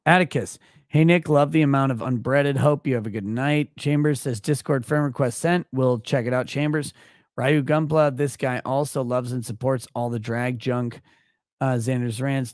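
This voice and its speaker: A man hosting a livestream, brash and foul-mouthed, reading viewer messages aloud in loose, casual talk. His voice sits at an ordinary middle pitch. The sound is close and dry, with no room around it. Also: dry recording. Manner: crude, profane, brash. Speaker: livestream host.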